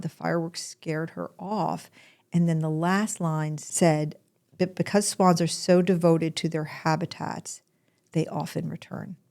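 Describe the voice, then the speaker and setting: A woman's voice: lowish voice, vocal fry, darkish tone. An older woman hosting a podcast, telling a personal story in a candid, emotional way. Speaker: podcast host.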